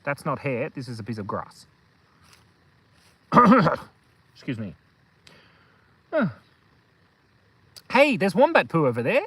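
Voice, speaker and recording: A man's voice: mid-range voice, very animated, measured pace, pauses often, a bit bright, husky, no room sound, low-quality recording. A man hosting a casual live stream from a hilltop outdoors, rambling and telling silly jokes. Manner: goofy, joking, rambling with fillers. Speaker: kids' channel host.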